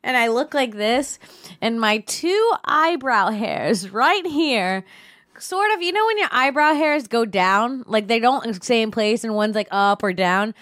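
A woman in her thirties, co-hosting a podcast at home and telling a story in a casual chat, laughing often and getting excited. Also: on the high side, a little slow. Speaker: podcast co-host.

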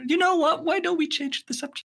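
A woman's voice: extremely high pitch, fairly even intonation, a little fast, gravelly, a bit bright. A woman playing a tabletop game, giggly and playful. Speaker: player.

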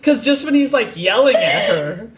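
A podcast host asking questions in a casual interview chat, easygoing with quick affirmations. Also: mid-range voice, lively intonation, heavy background noise.

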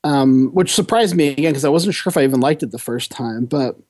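A man's voice: a little high, fairly quick, darkish tone, no room sound. Dry-voiced man reviewing a horror film. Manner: enthusiastic and rambling, with frequent restarts. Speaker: podcast co-host and film reviewer. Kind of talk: casual podcast film review.

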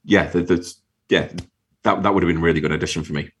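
A man's voice: sits low, fairly even intonation, slightly rough. A man casually discussing a film, hesitant and full of fillers. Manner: halting, many fillers and restarts.

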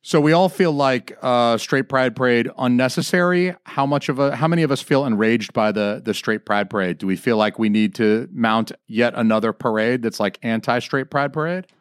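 A man's voice: medium pitch, moderate pace, clean tone, no echo. Crude joking male podcast host, dry sound. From Atlanta, US South. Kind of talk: casual comedic panel chat.

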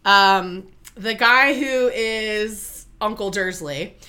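A young adult woman casually retelling a movie plot to a co-host, talking in an animated way, full of "like" and "okay?". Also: mid-range voice, drawn-out words. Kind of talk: casual chat.

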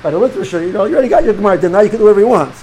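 A man's voice: sits high, racing, slight background noise, low-quality recording. A middle-aged man, a rabbi, giving an informal religious lecture to students, talking animatedly with many restarts and repeated words. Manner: animated, repeats and restarts words, sprinkles Hebrew and Yiddish terms.

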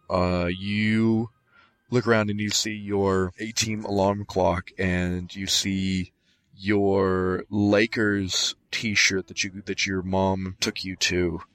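A man narrating as game master, halting and descriptive with many fillers. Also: on the low side, a bit bright.

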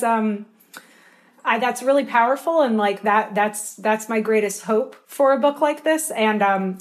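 Earnest, passionate woman author as guest. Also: mid-range voice. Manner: earnest and passionate, frequent fillers. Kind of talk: interview answers.

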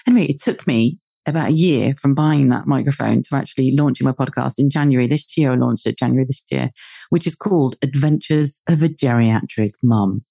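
A woman's voice: rumbling low, fairly quick, vocal fry, dark tone, breathy edge, no room sound. A woman in her forties from the UK, a podcast host chatting casually in a blunt, sweary way and laughing often. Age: 40s. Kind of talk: casual chat.

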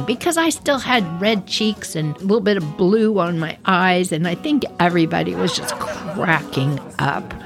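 Giggly woman telling childhood stories. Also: on the low side. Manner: animated, giggly, chatty. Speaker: podcast storyteller. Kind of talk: storytelling to children.

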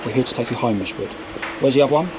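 A man's voice: medium pitch, racing, noisy background, natural voice. A man playing a clipped, commanding squad leader. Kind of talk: audio drama acting.

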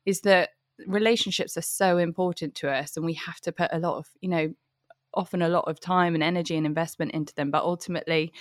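A woman's voice: on the low side, dry recording, clean studio sound. A woman psychotherapist, a guest on a podcast, speaking thoughtfully and reflectively in casual conversation. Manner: thoughtful, reflective, laughs easily.

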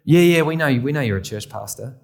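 A man voicing his tipsy, cheerful male childhood friends calling late at night, with loud, jolly banter. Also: mid-range voice, expressive, fast talker, creaky, voice pushed up. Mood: teasing.

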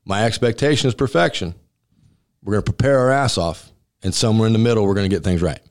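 In a casual storytelling interview, a former college football center turned restaurant owner talks fast in a very low, deep voice. His delivery is blunt and emphatic, and he performs the dialogue with laughs.

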